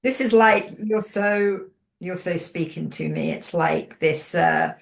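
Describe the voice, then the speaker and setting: Excited gravelly woman on a call. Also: lowish voice. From England. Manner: excited, halting, repeating words. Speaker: call participant. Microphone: video call.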